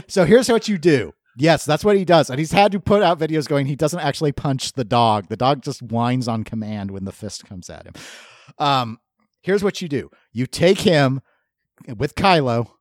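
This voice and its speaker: Chatting casually as a podcast co-host, a man jokes often, laughs readily, and acts out goofy quotes. His mid-range voice is animated at a normal speed, captured with clean, echo-free studio sound.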